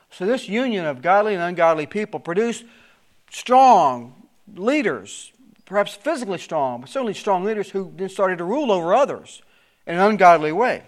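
A man leads a verse-by-verse Bible study in a slightly high voice. He reads scripture with rising emphasis, then drops into plain explanation, often restarting and repeating his words. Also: very animated, normal speed. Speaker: preacher.

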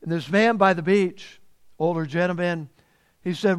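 A man preaching a sermon as pastor, emphatic and repeating phrases, growing louder on key points. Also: high voice, moderate pace, clear, resonant tone.

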